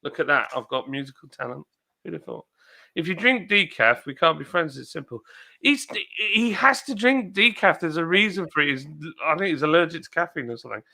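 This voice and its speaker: A man's voice: on the high side, big pitch swings, brisk, vocal fry, sharp tone. A man hosting a casual livestream, chatting and reading viewers' comments aloud in a rambling way. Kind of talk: casual chat.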